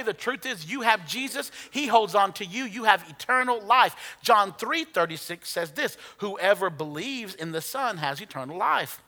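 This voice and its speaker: A man with a high, bright voice preaches to his congregation in a church sanctuary. His tone is playful, and he has the people read verses aloud with him. A long reverb from the hall trails every phrase. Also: animated, normal speed, few pauses. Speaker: pastor. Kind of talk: sermon.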